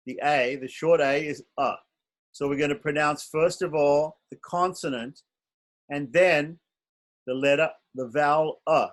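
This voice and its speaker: Male online language teacher, unhurried, careful repetition, leads a class drill. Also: a little high. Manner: careful, repeats each sound slowly. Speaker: Sanskrit chanting teacher. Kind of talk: slow, patient online lesson.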